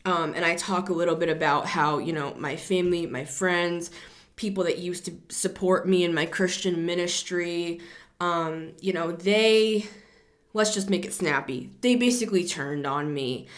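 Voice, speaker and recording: A middle-aged woman giving a casual tarot reading, rambling, repeating herself and building to excited emphasis. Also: on the low side, normal speed. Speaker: tarot reader.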